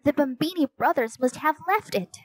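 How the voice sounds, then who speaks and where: An excitable young girl chirps in a very high voice, as a woman reading a storybook puts her on. She sounds bright and eager. The recording is close and dry. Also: moderate pace, dry recording. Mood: excited.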